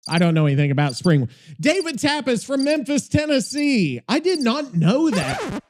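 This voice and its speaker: A man's voice: very high-pitched, very animated, moderate pace, a little hiss or hum. A man hosting a gaming podcast, rambling casually, swearing and thinking aloud as he looks things up. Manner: rambling, swears, talks to himself while searching. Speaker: podcast host.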